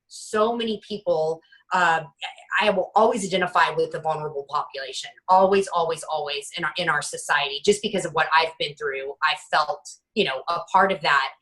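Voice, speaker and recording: A woman in her forties speaks candidly as an interview guest, her voice bright and forceful. She stops and restarts often, then livens up to act out the lines of people in her stories. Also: on the low side, rough recording. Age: 40s. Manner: halting, many restarts, lively quoting of others. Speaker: guest author.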